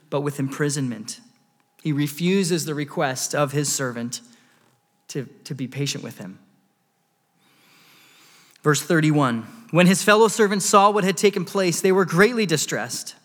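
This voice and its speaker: Male pastor, fairly high voice, earnest sermon delivery, echoing church hall. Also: fairly bright tone. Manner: earnest preaching with repeated restarts.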